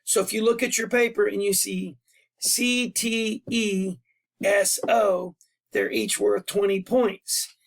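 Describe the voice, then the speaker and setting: A man, a history teacher, explains a writing assignment and how he grades it. He speaks in a plain, patient way with casual asides, and his voice is hoarse and worn out after a long day. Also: sits high, fairly even intonation, takes it slowly. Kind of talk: recorded classroom lesson over a screen. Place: at a computer, voice-over.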